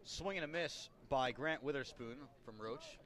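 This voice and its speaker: A man calling baseball play-by-play, relaxed and chatty, lifting his voice on big plays. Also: mid-range voice, unhurried. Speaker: play-by-play announcer.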